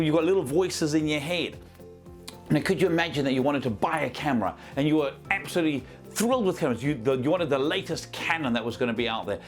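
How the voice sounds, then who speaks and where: A man, a business trainer giving a conversational coaching talk to the camera and acting out small scenes as examples. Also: on the high side. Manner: lively, conversational, acts out examples.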